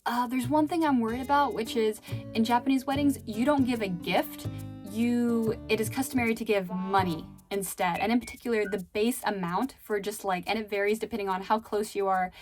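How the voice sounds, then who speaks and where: A woman's voice: fairly high pitch, steady tone, fairly quick, over music. A woman telling stories in a casual vlog, chatty and full of fillers. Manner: chatty, filler-heavy, laughing now and then. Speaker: vlogger and former chat host.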